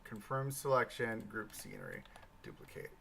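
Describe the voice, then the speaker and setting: Male livestream host, gravelly bright voice, unhurried chatty commentary while building. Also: lowish voice, slight background noise. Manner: thinks aloud, chatty, bursts of excitement. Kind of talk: casual live gameplay commentary.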